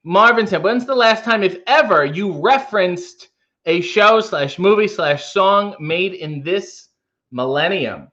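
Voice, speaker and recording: A man's voice: high voice, animated, unhurried, pushed and bright, muffled recording. A man hosting a livestream in casual chat, reading out viewer comments with rambling, wry asides. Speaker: livestream host.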